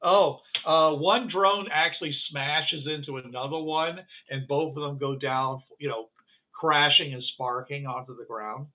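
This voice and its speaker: A man narrating as game master of a tabletop game, halting, with many fillers. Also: fairly high pitch, steady tone. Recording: phone-like narrow band.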